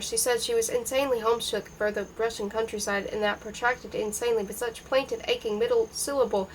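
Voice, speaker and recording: A woman's voice: fairly high pitch, slight background noise, poor audio. Woman reading a novel aloud. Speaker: reader.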